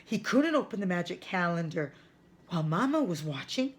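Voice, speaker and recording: A woman teacher reading a chapter book aloud to children, careful and clear. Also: on the low side, big pitch swings. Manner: slow, careful read-aloud.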